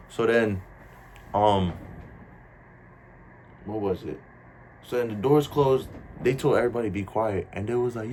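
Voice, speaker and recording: A young man from New Jersey with a New Jersey accent, telling a casual storytime in slangy, animated talk. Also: medium pitch, a little hiss or hum.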